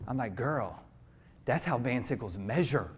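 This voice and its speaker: A middle-aged man giving a motivational keynote, telling a story dramatically, swinging from hushed asides to loud preacher-like calls to the audience. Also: medium pitch, expressive, unhurried, a little hiss or hum. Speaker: motivational speaker.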